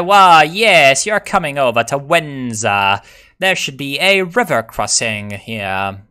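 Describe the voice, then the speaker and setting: Bright-voiced profane man narrating gameplay. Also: mid-range voice. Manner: profane, excitable, ironic meme slang. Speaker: strategy game player. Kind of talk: casual gameplay commentary.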